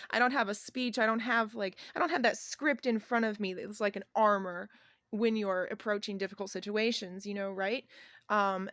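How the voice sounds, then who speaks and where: A woman's voice: medium pitch, fairly bright tone, dry recording. Rambling woman vlogger, dry close sound. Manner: rambling and halting, many fillers and restarts, laughing between thoughts. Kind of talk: casual personal storytelling.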